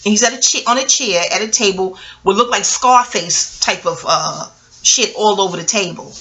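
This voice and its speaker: A woman's voice: medium pitch, moderate pace, rough recording. A woman, telling a story to her viewers in a loose, profane, slangy way. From New York. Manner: animated, profane, street slang, talks straight to viewers. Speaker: vlogger. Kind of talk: casual storytelling.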